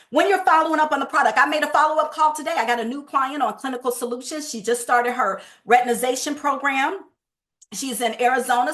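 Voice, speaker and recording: A woman giving a lively, emphatic sales training talk, with speech and a quick habitual pace. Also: high voice.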